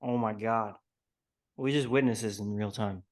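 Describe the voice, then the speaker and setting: A man's voice: lowish voice, normal speed. A young man co-hosting a sports podcast, laid-back and casual, calling friends bro and dude. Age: young adult. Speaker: podcast co-host.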